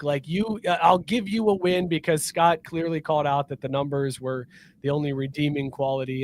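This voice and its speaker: A man's voice: fairly high pitch, poor audio. Man joking loosely on a sports podcast. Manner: joking, ribbing co-hosts, bursts of loud laughter. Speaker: podcast co-host. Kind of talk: casual sports chat.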